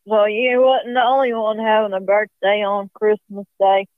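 A woman's voice: mid-range voice, level tone, normal speed, clear, resonant tone, no room sound. A woman calling in to a radio show, chatting casually and unhurriedly, often restarting her sentences. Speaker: caller. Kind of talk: casual phone chat. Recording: tinny phone line.

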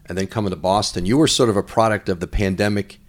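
A man's voice: fairly low pitch, steady tone, fast. A man hosting a podcast, asking probing, rambling questions in a conversational way. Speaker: podcast host and interviewer.

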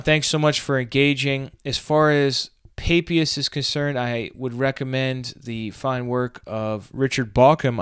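A man's voice: medium pitch, smooth, dry recording, studio quality. A man hosting a podcast, reading out listener comments and answering them in an earnest, explanatory way with a touch of self-deprecating humor. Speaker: podcast host.

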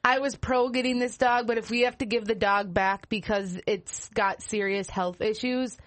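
A woman's voice: on the high side, steady tone, normal speed, dry recording. A woman, a teacher, co-hosting a casual family podcast and telling stories with animation.

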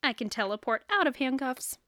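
A woman's voice: high-pitched, animated, brisk, a bit bright, dry recording, studio quality. A woman in an audio drama, voicing a flippant, joking young man swapped into a woman's body. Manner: jokey, flippant.

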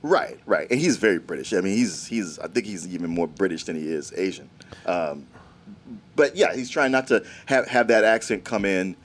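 A man's voice: sits low, animated, moderate pace. A man co-hosting a casual movie talk, easygoing and chuckling, sometimes quoting characters. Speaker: movie review podcast co-host. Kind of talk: casual chat.

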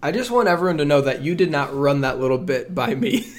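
A man hosting a sports podcast, steady and measured as he lays out the show's plan. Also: on the high side. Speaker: podcast host.

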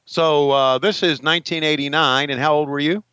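A man's voice: a little high, fairly even intonation, normal speed, pushed and bright, clean tone, no room sound, muffled recording. A middle-aged man hosting a casual watch-along podcast, joking and laughing often. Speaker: podcast host.

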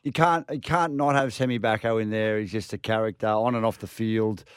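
Australian bloke, former player, laughs a lot, casual enthusiastic radio co-host, dry close mic. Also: male voice, fairly low pitch, steady tone, a little fast, clean tone, dry recording. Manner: laughing, enthusiastic, mate-ish. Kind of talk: casual sports radio chat.

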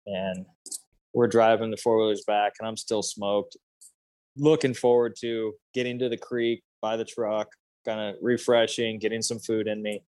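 A man's voice: lowish voice, steady tone, normal speed, a little mellow, dry recording. A man in his thirties casually telling a hunting story, rambling with many fillers and restarts. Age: 30s.

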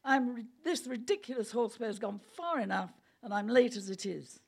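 A woman's voice: fairly high pitch, expressive, brisk, creaky, a little mellow. A woman doing a flustered giggly man. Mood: nervous pleading. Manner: laughing through his lines. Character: flustered grown man, protesting.

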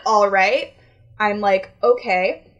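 A young woman casually telling a long story on a chat podcast, animated and acting out the people she met. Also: medium pitch, takes it slowly, dull audio.

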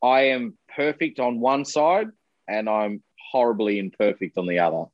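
A man's voice: on the low side, moderate pace, no echo, lo-fi sound. A man, a musician speaking candidly as an interview guest, open and earnest, with casual swearing. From Australia.

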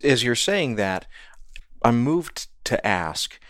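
A man hosting an interview, asking thoughtful, measured questions. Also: mid-range voice, big pitch swings, a bit bright, no echo, studio quality. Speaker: interviewer host.

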